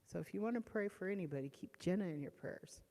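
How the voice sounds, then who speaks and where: A middle-aged woman speaks with a warm, mellow voice as she shares a painful testimony in a church sanctuary. She stops and restarts often, dropping to near-whispers and then rising to loud, strained outbursts. Her words ring with the long reverb of a large church hall. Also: fairly low pitch, lively intonation. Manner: voice swinging from hushed to loud and strained; halting, with restarts. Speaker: church member giving a testimony. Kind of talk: emotional personal testimony.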